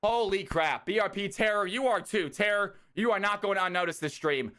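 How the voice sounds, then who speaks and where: A male streamer with a high, bright, forceful voice, commentating games live. He talks straight to his viewers with loud, eager energy and plenty of hype. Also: normal speed. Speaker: streamer hosting community game nights.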